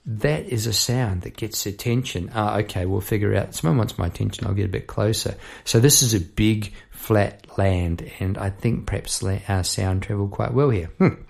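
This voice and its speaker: A low-voiced man hosts his own show, thinking out loud about songwriting. His voice has a gravelly, crackly edge, and he wanders off on tangents and restarts his sentences as he goes. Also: moderate pace, few pauses. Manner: musing, rambling, thinks aloud with restarts. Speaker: podcast host. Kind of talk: reflective solo talk on songwriting.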